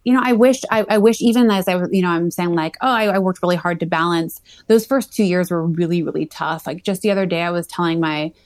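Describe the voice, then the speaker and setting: A woman's voice: on the low side, fast, hardly any pauses, darkish tone, no room sound. A woman in her thirties, a psychology doctoral student, talking casually as an interview guest with many fillers and restarts. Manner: chatty, frequent "like" fillers and restarts.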